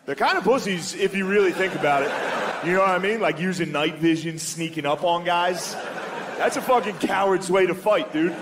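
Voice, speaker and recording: Stand-up man with a lively, noisy live room. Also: sits high, brisk. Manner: deadpan delivery, jumping into loud mocking character voices. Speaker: stand-up comedian. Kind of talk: stand-up comedy set. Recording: live club set with audience laughter, background noise.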